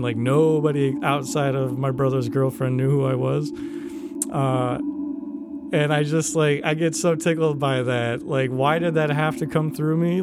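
A man co-hosting a podcast, telling a wild story in a casual, animated way, laughing and swearing as he goes. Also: on the high side, noisy background. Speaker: podcast co-host. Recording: loud background ambience.

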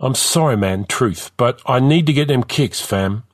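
A man's voice: mid-range voice, animated, a little slow. A man voicing a blunt young male crew leader who talks in street slang.

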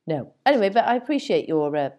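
A woman co-hosting a podcast, chatting casually and joking at her own expense as she answers a quiz. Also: medium pitch. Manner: lively, self-mocking, quick to laugh along. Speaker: podcast co-host. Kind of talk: casual chat.

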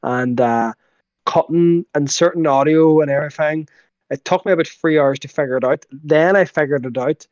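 A rambling man co-hosts a casual podcast, his voice a touch high. He is picked up on a slightly dull, dry home mic. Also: moderate pace, a little mellow, no room sound. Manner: rambling, full of fillers and restarts, laughs. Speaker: podcast co-host.

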